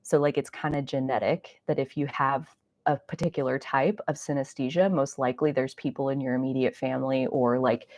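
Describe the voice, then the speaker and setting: A woman with a low voice, rambling through a personal story full of "like" and the odd swear word. The sound is dry and close. She talks casually to her listeners as the host of her own show. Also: fairly quick, no echo. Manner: rambling, animated storytelling with frequent "like" and mild swearing. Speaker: astrology podcast host. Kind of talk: casual solo chat.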